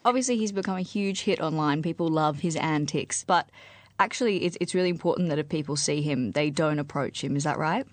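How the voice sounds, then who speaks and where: A woman with a low voice interviews a guest on the radio. She asks her questions in an easy, conversational way. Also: a little fast.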